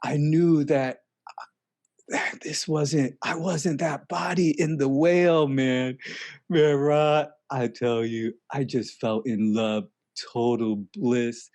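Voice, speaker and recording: A man's voice: mid-range voice, steady tone, a little mellow. A man telling a comedic story in a spaced-out, rambling way, drawing out "man" and restarting his sentences. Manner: dreamy and rambling, drawn-out "man" and trailing restarts.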